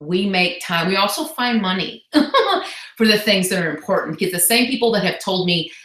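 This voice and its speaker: An enthusiastic woman coach talks in a lively, chatty, motivational way to a group on a video call. Her voice sits in a middling range and comes through an echoey room, a little way off the mic. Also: mid-range voice, fairly quick, far from the mic. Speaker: fitness business team coach.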